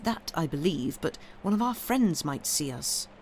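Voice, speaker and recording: A woman voicing a nervous, secretive young woman in a read-aloud story, anxious and hushed. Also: low-pitched, sing-song, measured pace, a little hiss or hum, exaggerated voice.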